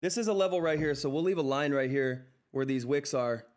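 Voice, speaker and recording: A man hosting a live stock trading stream, talking through price charts in an excitable, effusive way that repeats itself. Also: mid-range voice, brisk. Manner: excitable, effusive, repeats himself, says "all right?" often. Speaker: livestream stock trading host. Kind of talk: live market commentary and chat.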